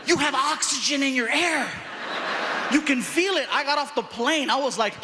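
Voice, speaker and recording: Man, stand-up comedian, very high voice, animated storytelling, live audience, noisy recording. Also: moderate pace, long reverb tail. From United States. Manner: animated storytelling, acting out characters. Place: theater stage before a live audience. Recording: live show with audience and background noise.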